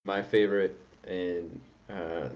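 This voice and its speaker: Man, podcast host, casual rambling chat, lowish voice, dull lo-fi stream sound. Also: slow pace. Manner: relaxed, chatty, frequent ums.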